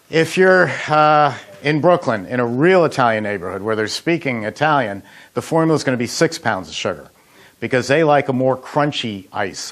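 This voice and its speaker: Speaking at medium pitch with a slightly bright tone, a middle-aged ice cream machine company head demonstrates frozen dessert recipes in a kitchen. He's a chatty, folksy storyteller whose anecdotes are full of "uh" fillers.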